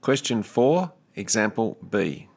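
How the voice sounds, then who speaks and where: Slow, deliberate male teacher. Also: on the low side, very animated, vocal fry, darkish tone. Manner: slow, deliberate, carefully enunciated. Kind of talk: recorded language lesson.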